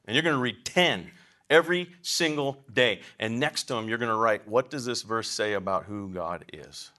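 A man lectures a class on biblical counseling, his voice lowish and bright. He talks emphatically and conversationally, and often asks his listeners questions. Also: moderate pace.

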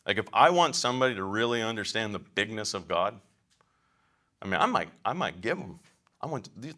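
A man's voice: on the low side, very animated, brisk, sharp tone. A man teaching a class on biblical counseling, lecturing in an emphatic, conversational way and asking the room questions.

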